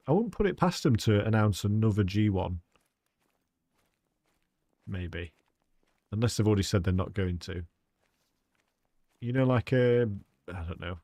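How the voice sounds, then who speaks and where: Casual streamer, low-pitched and dry-sounding, chatting loosely with chat while he plays. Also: animated, normal speed, long pauses, darkish tone, dry recording. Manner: chatty, rambling, talks to his chat. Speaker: game streamer. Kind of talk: live gameplay commentary.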